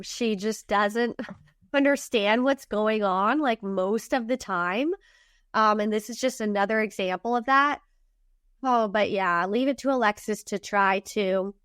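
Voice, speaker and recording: A woman's voice: mid-range voice, fairly bright tone, clean tone, no echo, studio quality. Indignant woman recapping reality TV. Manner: indignant, emphatic. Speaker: podcast co-host. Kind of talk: casual recap chat.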